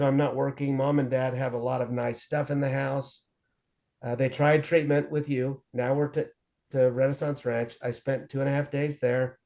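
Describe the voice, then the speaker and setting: Man with a mellow voice recounting his past. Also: medium pitch. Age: 40s. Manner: earnest, animated retelling with quoted dialogue. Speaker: guest sharing his recovery story. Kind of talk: conversational storytelling.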